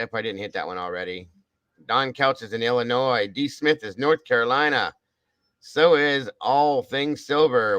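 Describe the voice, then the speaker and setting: Chatty man reading out livestream shoutouts. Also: medium pitch, clean tone, dry recording, highs cut off. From Ohio. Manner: reads out viewer shoutouts, chatty; swears casually, upbeat. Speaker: livestream host. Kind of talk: casual livestream chat.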